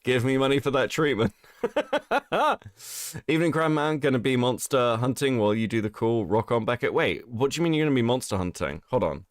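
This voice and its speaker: Sick guy streamer chatting with chat, lots of swearing and laughs, lively pitch, dry close mic. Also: moderate pace, no room sound. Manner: swears a lot, laughs often, reads chat aloud. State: sick, rough voice. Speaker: streamer host. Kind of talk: casual livestream chat.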